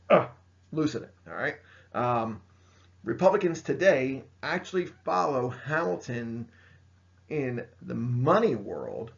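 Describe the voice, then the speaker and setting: A man with a low, gravelly voice lectures his high school history class. His delivery is casual and loose, dotted with fillers and constant "all right?" checks. The recording sounds muffled and lo-fi.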